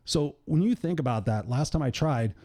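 A man's voice: medium pitch, lively intonation, moderate pace, dark tone. A middle-aged man, a podcast host and coach, giving a blunt, profane motivational monologue in a direct, tell-it-like-it-is way.

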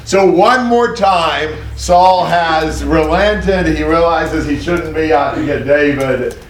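A man's voice: a little high, slow pace, slight background noise. A man leading a Bible study group, explaining a passage in a loose, conversational way with many fillers. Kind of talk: casual Bible study discussion. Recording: echoey room, far from mic.

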